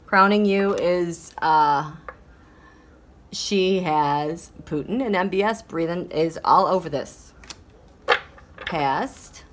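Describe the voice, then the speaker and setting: A woman giving a solo tarot reading in a deliberate, measured way. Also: lowish voice, slight background noise. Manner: slow, deliberate delivery broken by fits of giggling. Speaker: tarot reader.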